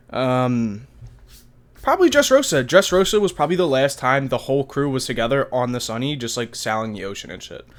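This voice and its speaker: A young man in his twenties, casually talking through a manga chapter review in a loose, slangy, chatty way with casual swearing. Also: medium pitch. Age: 20s. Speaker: anime review vlogger.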